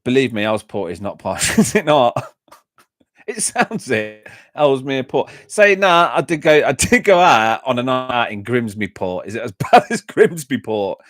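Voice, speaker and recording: A man's voice: mid-range voice, very animated, moderate pace, a bit bright, no room sound, studio quality. A middle-aged man with an English Midlands accent, chatting casually on a livestream, reading out comments and rambling through anecdotes with frequent laughs. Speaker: YouTube channel host.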